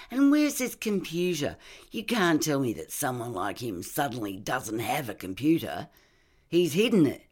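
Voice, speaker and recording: A reader doing brash Australian cop. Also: medium pitch. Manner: blunt, crude, insistent.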